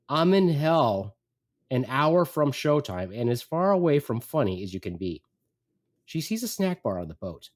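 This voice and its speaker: Animated male storyteller, lively pitch. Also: moderate pace. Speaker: podcast host. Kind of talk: storytelling, casual chat.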